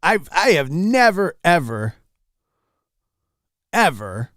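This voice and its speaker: A man's voice: a little high, very animated, slow pace, no room sound, studio quality. A man hosting an online commentary show, reacting to news clips in an exasperated, repetitive way. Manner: exasperated, repetitive, swings loud and soft. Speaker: commentary channel host.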